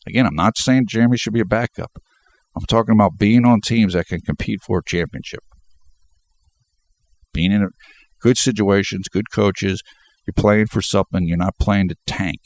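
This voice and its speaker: On the low side and at a moderate pace, this man's voice comes with long pauses as he hosts a basketball fan channel. It's a sports commentary vlog, delivered emphatically through a congested, stuffed-up nose, with repeated words driving his points.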